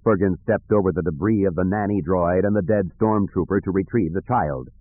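A man narrating an audiobook in a measured, even storytelling manner. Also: low-pitched, no echo. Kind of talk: scripted narration. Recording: dry tinny phone-like recording.

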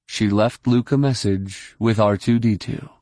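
A man reading a novel aloud in steady scripted narration. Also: lowish voice, unhurried, no room sound, studio quality. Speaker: audiobook narrator.

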